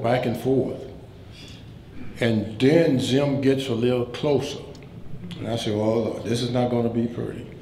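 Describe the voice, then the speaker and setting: A man giving a keynote speech at a banquet, telling funny stories in a relaxed way and acting out the lines of the people in them. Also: mid-range voice. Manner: relaxed anecdotal telling, acts out quoted lines. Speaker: keynote speaker. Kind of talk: humorous after-dinner storytelling speech. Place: banquet hall. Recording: roomy hall sound, faint room noise.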